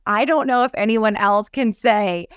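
Enthusiastic woman interviewer, clear voice. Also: medium pitch, moderate pace, dry recording, clean studio sound. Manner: enthusiastic and affirming. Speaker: interviewer and host. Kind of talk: warm conversational interview.

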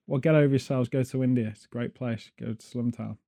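A man's voice: medium pitch, steady tone, quick pace, gravelly, warm tone. A man hosting a podcast, rambling and joking sarcastically in casual chat. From Britain. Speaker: podcast host.

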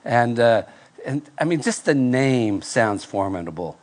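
A male pastor preaching to a live congregation, telling a self-deprecating story in a nasal, fairly monotone voice with halting restarts. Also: medium pitch. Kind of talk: sermon with personal story. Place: church before live congregation.

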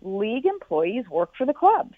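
A woman, a former football team executive, answering interview questions in an articulate, measured way and telling lively anecdotes. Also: on the high side, dry recording. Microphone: telephone. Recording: tinny phone line.

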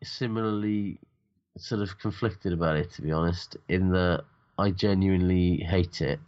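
Man, middle-aged, very low voice, sweary, dry grumbling, casual banter, muffled lo-fi sound. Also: steady tone, moderate pace, a little mellow. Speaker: podcast co-host.

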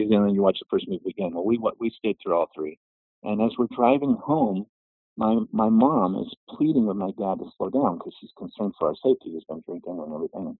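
A man's voice: fairly low pitch, slightly rough, no echo. A middle-aged man earnestly recounting his personal testimony, his voice rising when he recalls prayers. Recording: muffled phone-like audio.

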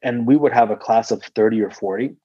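A man's voice: medium pitch, a little fast, husky, no room sound, muffled recording. A man in casual podcast talk, telling a personal story in a rambling way, full of "like" and freely swearing.

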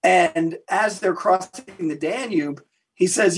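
A man being interviewed as a historian, telling lively anecdotes and acting out the quotes in his stories. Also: sits high, slow, slightly rough. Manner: animated anecdote teller who acts out quotes. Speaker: guest historian and author. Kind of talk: interview storytelling.

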